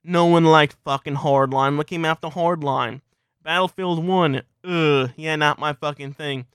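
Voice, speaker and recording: Furious swearing gaming rant, crisp dry voice. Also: mid-range voice, fairly even intonation, measured pace, fairly bright tone, dry recording. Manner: heated, swears constantly, rhetorical questions. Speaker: gaming commentator. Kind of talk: profane ranting commentary.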